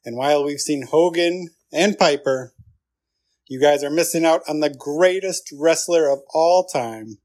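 A man's voice: on the high side, measured pace, a little mellow. A man leaving a recorded listener message for a podcast, playful with mock-grand announcing.

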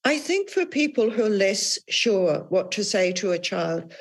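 A woman author as an interview guest, talking thoughtfully about her experiences in a measured, reflective way. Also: mid-range voice, very animated. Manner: thoughtful, measured, with frequent restarts. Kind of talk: reflective podcast conversation.

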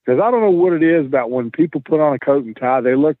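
A man, a guest telling an animated story and acting out the dialogue. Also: on the high side, quick pace, no echo. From Tennessee, US. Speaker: guest, wrestler. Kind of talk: casual storytelling. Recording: tinny phone-like line.

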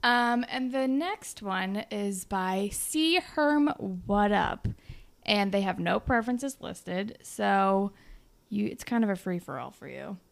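A woman's voice: mid-range voice, expressive, takes it slowly, vocal fry. Woman, casual podcast co-host, playful rambling delivery. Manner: playful storytelling, many "like" fillers. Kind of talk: casual chat.

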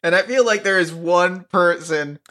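A man co-hosting a comedy podcast in easy, playful talk, often spinning the joke into mock sales pitches. His voice is fairly high and comes across crisp and bright. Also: normal speed. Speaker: podcast co-host. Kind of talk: casual comedic chat.

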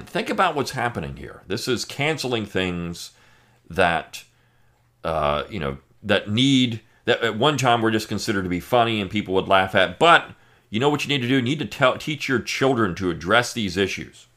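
Male podcast host, lowish voice, swooping lively intonation, sarcastic, emphatic. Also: moderate pace. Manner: emphatic, sarcastic, with frequent fillers. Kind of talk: opinion commentary monologue.

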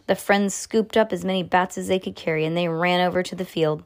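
A woman's voice: a little fast, few pauses. Woman reading a children's book aloud. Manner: expressive read-aloud with pitch jumps for dialogue; casual asides about the book. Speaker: reader.

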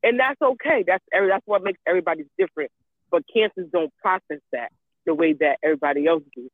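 A woman's voice: on the low side, animated, fast, dry recording. A woman in casual chat who talks emphatically, repeats herself, and swears freely. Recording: tinny phone-like line.

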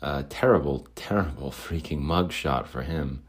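His pitch is extremely low and a bit rough, delivered at ordinary speed. He's a podcast host going solo, rambling on with chuckles and self-mocking remarks.

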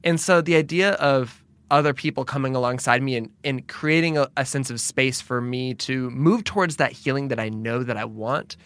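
A man's voice: medium pitch, moderate pace, few pauses, a bit bright, clear, resonant tone, no echo. A man hosts a conversational interview in a dry, close-miked recording. His voice sits in the middle range, and he reflects aloud, circling back and rephrasing as he works his thoughts out. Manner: reflective, thinks aloud with restarts. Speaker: podcast host.

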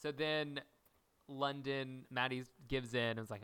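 Animated young man with a smooth voice. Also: medium pitch, unhurried, no echo. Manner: animated storyteller acting out quotes. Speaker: podcast co-host. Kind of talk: casual chat recapping a TV episode.

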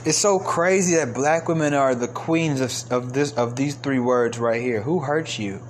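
A man delivering a heated, profane commentary rant, swinging between raised outbursts and low, exasperated muttering. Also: moderate pace, a little hiss or hum. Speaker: commentary vlogger. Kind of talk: ranting commentary monologue.

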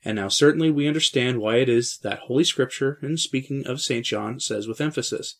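A man preaching a Catholic-style sermon in a solemn, measured oratorical manner, full of rhetorical questions and addresses to his listeners. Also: mid-range voice, fairly bright tone.

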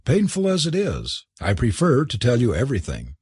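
A husky-voiced man reading aloud, voicing a young gentleman who speaks in an earnest, apologetic, formal manner. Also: mid-range voice, wildly swooping pitch, moderate pace, dry recording, pitched above the performer's own voice, exaggerated voice. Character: embarrassed young American gentleman.

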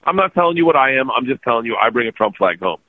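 A man's voice: mid-range voice, very fast, no echo. A man telling comic stories in a casual chat, rambling and acting out the quotes. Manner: rambling, animated storyteller who acts out quotes. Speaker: comedian guest. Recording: tinny phone-like line.

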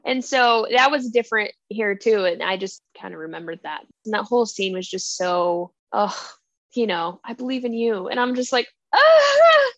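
A young woman co-hosting a podcast in casual chat, expressive and quick to react. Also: mid-range voice, no room sound. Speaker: podcast co-host. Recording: dry, dull lo-fi mic.

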